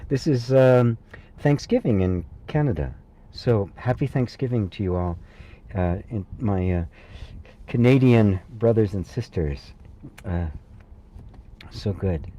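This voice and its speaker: A man hosting a live satsang as a spiritual teacher, speaking gently and reassuringly, laughing softly and pausing with fillers as he reads viewer comments. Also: fairly low pitch, muffled recording. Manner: hesitant fillers and restarts while reading.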